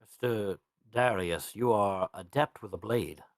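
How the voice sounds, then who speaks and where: A man's voice: on the low side, unhurried, no echo. A courteous elf adventurer, voiced by a man speaks in a formal, gracious way during an in-character tabletop role-play. The recording is dry and close.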